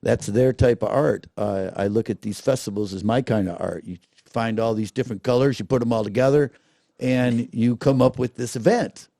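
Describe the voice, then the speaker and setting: A man's voice: mid-range voice, moderate pace, gravelly, no echo, clean studio sound. A middle-aged man, telling stories in a casual interview and acting out the voices of people he quotes. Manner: animated storyteller, acts out quotes. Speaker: guest, festival director.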